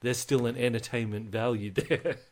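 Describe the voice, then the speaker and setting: A man co-hosting a film podcast in casual chat, talking in a measured way and dropping low and slow to make a point. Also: steady tone. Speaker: podcast host.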